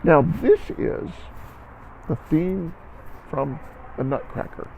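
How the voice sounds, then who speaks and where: A man's voice: fairly high pitch, lively intonation, slow pace, creaky, muffled recording, slight background noise. A man teaching a recorded band lesson to students, encouraging them and counting beats aloud.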